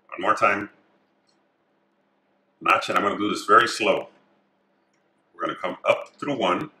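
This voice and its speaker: A man calmly talking through each step of a craft tutorial as he works with his hands. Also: fairly low pitch. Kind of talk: step-by-step instruction. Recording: echoey room.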